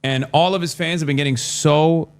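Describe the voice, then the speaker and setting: A man's voice: a little high, fairly even intonation, normal speed, clean tone. A man doing livestream commentary, blunt and sarcastic, often swearing. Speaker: streamer.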